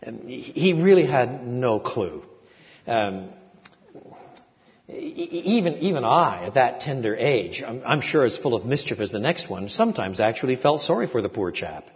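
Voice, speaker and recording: An older man preaching a sermon, telling a story with lively swings between quiet asides and loud, emphatic peaks. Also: mid-range voice, normal speed. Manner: animated storytelling with big swings in loudness. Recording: muffled recording in a large reverberant hall.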